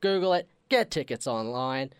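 A man's voice: medium pitch, expressive, moderate pace, clean tone, no room sound, studio quality. A man co-hosting a comedy podcast, plugging shows in a playful, joking way. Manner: playful, promotional. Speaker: podcast co-host.

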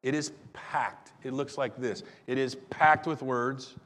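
A man preaching a sermon as pastor, telling the story with lively swings between loud bursts and hushed lines. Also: mid-range voice, a little slow. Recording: long hall reverb.

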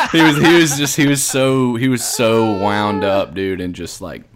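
A young man co-hosting a podcast, telling stories in a casual, animated way, often laughing and mimicking the people he quotes. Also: medium pitch, unhurried, heavy background noise. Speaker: podcast co-host. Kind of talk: casual storytelling chat.

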